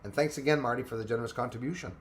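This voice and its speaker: A space channel livestream host with a Quebec French accent talks very fast in a mid-range voice, a little hiss or hum underneath. He keeps it casual with viewers, swearing freely and shifting back and forth between French and English.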